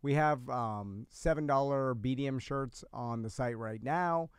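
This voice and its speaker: A man's voice: medium pitch, unhurried, clean tone, no room sound, studio quality. A man co-hosting a radio show, chatting casually and laughing often as he riffs on jokes. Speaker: co-host. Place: radio studio.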